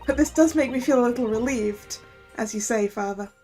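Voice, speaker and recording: A woman's voice: fairly high pitch, fairly quick, mellow, faint music behind, close to an everyday voice. A woman voicing a loyal young female assistant in a video game, speaking in an earnest, polite and composed way.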